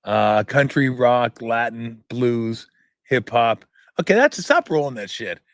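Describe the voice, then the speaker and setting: A man's voice: mid-range voice, very animated, slow, no echo, clean studio sound. A man hosting his own show, ranting in casual talk, sarcastic and swearing freely as he mocks what he reads aloud. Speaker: show host. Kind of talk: casual profane rant.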